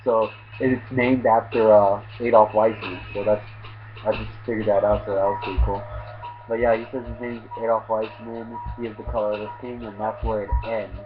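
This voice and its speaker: A man's voice: on the low side, flat delivery, moderate pace. A man casually recapping an anime episode in rambling, slangy talk, full of fillers and restarts. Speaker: anime reviewer. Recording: dull lo-fi with loud music behind. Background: loud background music.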